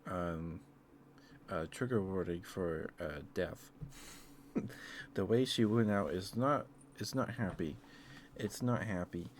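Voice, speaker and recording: A man rambling in a soft-spoken ASMR style, hesitant and full of fillers, tender and easily moved. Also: deep voice, slow, long pauses, slight background noise. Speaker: ASMR streamer.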